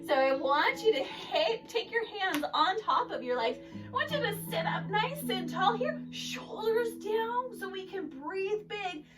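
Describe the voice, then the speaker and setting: A woman's voice: very high-pitched, lively intonation, measured pace. A woman leading a kids yoga class, playful and sing-song as she guides the poses. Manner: playful, sing-song storytelling with animal sounds. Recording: distant mic with loud background music.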